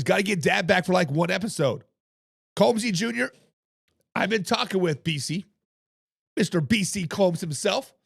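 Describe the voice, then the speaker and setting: A man hosts a casual sports talk live stream, chatting with viewers in the chat. His voice sits high and is heavily gravelly and hoarse. The recording is dry and close. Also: a bit bright, no room sound. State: hoarse from coaching. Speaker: podcast host.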